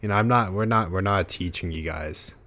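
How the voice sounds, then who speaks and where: A young man with a deep voice co-hosting a casual podcast chat from a small living room, laid-back and self-deprecating. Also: brisk, a bit bright. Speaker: podcast co-host.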